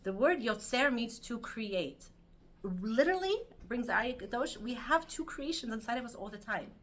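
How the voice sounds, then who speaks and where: In her weekly Torah talk, a middle-aged woman with a fairly high voice speaks at a moderate pace. Her storytelling is lively and full of feeling, and she uses many fillers.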